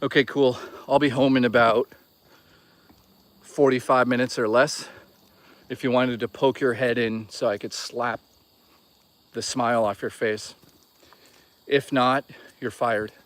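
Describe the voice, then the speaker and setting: A man's voice: medium pitch, steady tone, unhurried, long pauses. A young man live-streaming as he walks outdoors in the woods, chatting in a crude, rambling, joking way. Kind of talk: casual live-stream chat while walking.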